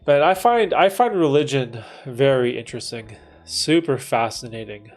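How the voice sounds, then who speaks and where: A man's voice: medium pitch, lively intonation, moderate pace, darkish tone. Man in his thirties, livestream host, casual chat, says dude and bro, swears freely, faint music behind.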